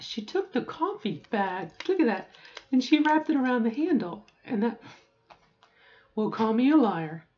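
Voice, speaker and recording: A woman's voice: fairly high pitch, very animated, unhurried, dark tone, lo-fi sound. Chatty middle-aged woman vlogging. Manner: chatty, often checks in with "okay?"; rambling with asides. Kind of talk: casual talk to camera.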